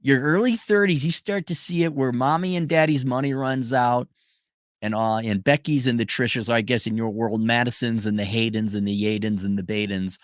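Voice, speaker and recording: Reading viewer donations aloud on a casual livestream, this host fires back blunt, sarcastic, profane replies. He speaks at a moderate pace with a steady, medium-pitched voice, and the studio sound is clean and dry.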